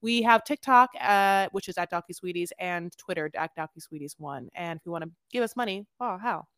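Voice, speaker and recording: A woman's voice: lowish voice, fairly quick, a bit bright, no echo. A woman co-hosting a podcast in casual chat, rambling with many fillers. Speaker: podcast co-host.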